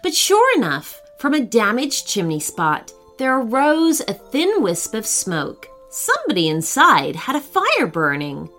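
A woman narrating a children's story in a gentle, expressive reading voice. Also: fairly high pitch, measured pace, hardly any pauses, faint music behind.

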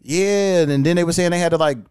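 A man hosting a podcast, telling animated, profane stories in a casual chat and acting out the quotes. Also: a little high, a little fast, clear, resonant tone, no room sound, studio quality. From California. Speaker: podcast host.

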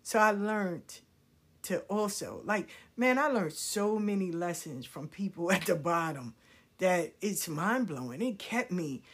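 Husky, fairly low, and a little slow, her voice delivers candid personal stories laced with profanity. She's animated, trading hushed remarks for loud outbursts.

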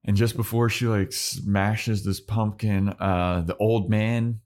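A young man co-hosting a podcast, casually recapping a TV episode with animated retellings and frequent laughter. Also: on the low side, takes it slowly. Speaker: podcast co-host.

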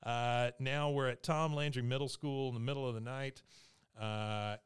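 A man's voice: mid-range voice, moderate pace, smooth. A man, casually recapping a TV episode and acting out the characters' lines, laughing often. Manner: animated storytelling, acting out quotes, laughs often. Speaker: podcast co-host recapping an episode.

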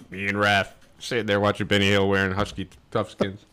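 A man's voice: fairly low pitch, sharp tone, smooth. A man in his forties, co-hosting a podcast and telling rambling stories with wry jabs. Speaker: podcast co-host. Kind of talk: casual joking chat.

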